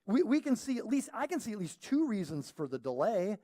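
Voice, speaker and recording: A man's voice: sits high, sing-song, fairly quick, mellow. A male pastor preaching a conversational sermon, acting out quoted voices as he goes. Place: church auditorium.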